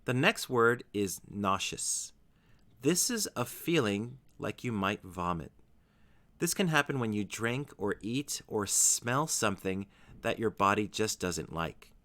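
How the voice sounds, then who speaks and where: A man teaching English vocabulary in a scripted lesson, saying each example word slowly and carefully. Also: lowish voice, very animated, a bit bright. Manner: slow, careful pronunciation of example words.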